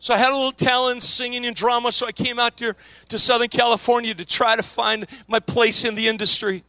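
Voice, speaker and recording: A man putting on the voice of a heartbroken young man who speaks quietly and haltingly through tears. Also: very high-pitched, little pitch movement, no echo, voice pushed up, heavily acted. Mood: grieving. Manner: halting, quiet, breaking into short bursts. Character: heartbroken young man, soft-spoken and tearful.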